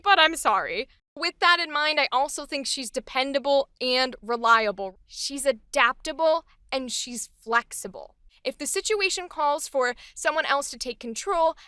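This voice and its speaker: A woman's voice: high-pitched, pushed and bright, no echo, studio quality. A woman voice actor talking through a character in a casual, enthusiastic, playful way. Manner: enthusiastic, playful, acts out quick snippets.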